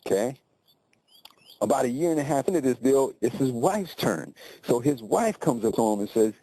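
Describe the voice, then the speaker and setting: A man's voice: mid-range voice, animated, moderate pace, mellow, poor audio. A man telling a motivational story in a conversational way, often checking in with tag questions.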